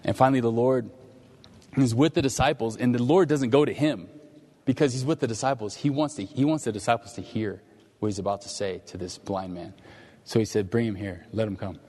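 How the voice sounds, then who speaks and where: A man's voice: mid-range voice, brisk, darkish tone. A man preaching a sermon in a conversational way, acting out the disciples and Jesus in quoted dialogue. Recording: long hall reverb.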